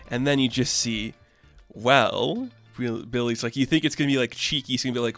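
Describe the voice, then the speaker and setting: A man's voice: mid-range voice, steady tone, a little fast, fairly bright tone, soft background music. A man giving a casual, enthusiastic comic book review, chatty and full of "like". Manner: chatty, enthusiastic, says "like" often.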